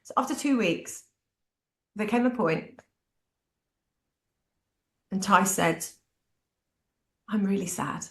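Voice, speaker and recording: A woman's voice: mid-range voice, slow, pauses often. A middle-aged woman, telling personal family stories at a talk and acting out bits of dialogue. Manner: animated, acts out family dialogue. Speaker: parent speaking at a talk. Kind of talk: personal storytelling in a panel talk. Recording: echoey room.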